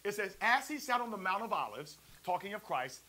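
A man preaching a sermon as pastor, lively and playful, calling on the congregation to answer back. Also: high-pitched, a little fast, poor audio. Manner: preachy, call-and-response, playful asides. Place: church service also streamed to a prayer line.

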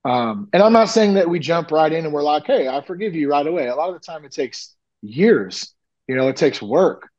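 A man tells his story in a loose, rambling way, full of "like" and "you know". His voice sits somewhat high. The audio sounds dull and lo-fi. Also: normal speed. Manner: rambling, frequent "like" and "you know", animated retellings. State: nearly ten years sober. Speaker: podcast guest, recovery coach. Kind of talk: candid conversational storytelling.

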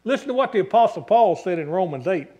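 A man with a high, mellow voice preaches a sermon from the church sanctuary, speaking quickly with lively intonation. As a pastor, he builds long, emphatic, repeated lists and keeps calling out for amens.

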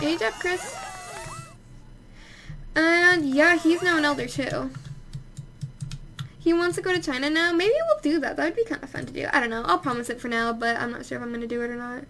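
A woman's voice: high voice, a little fast, music in the background. A young woman chatting casually while playing a life-sim game, exclaiming and scolding the characters. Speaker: let's play host. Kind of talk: casual gameplay commentary.

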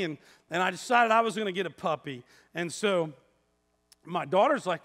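A man's voice: sits high, lively intonation, moderate pace, sharp tone. A man in his fifties preaching a sermon as pastor, telling stories in a conversational, self-mocking way. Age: 50s. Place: church sanctuary. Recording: long church hall reverb.

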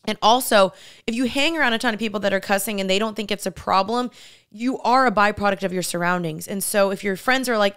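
A young woman co-hosting a casual podcast, giving earnest, heartfelt advice in a rapid flow of talk. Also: mid-range voice, a bit bright, smooth, no room sound, clean studio sound. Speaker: podcast co-host. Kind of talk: casual chat.

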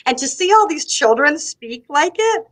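Southern American woman guest, middle-aged, lively anecdotal chat, slightly high voice. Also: normal speed, low-quality recording. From United States. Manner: animated storyteller, laughs often. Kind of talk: casual conversation on a live stream.

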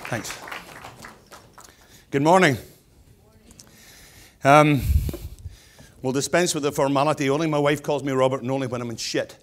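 Scottish guy in his 60s giving a keynote, blunt and jokey, chatty. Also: mid-range voice. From Scotland. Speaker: keynote speaker, stonemason. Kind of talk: humorous keynote speech.

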